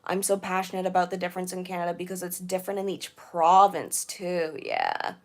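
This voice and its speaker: A young woman chatting on a casual livestream while sorting jewelry, bubbly and playful, her voice a little hoarse. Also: lowish voice, big pitch swings, brisk. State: slightly hoarse.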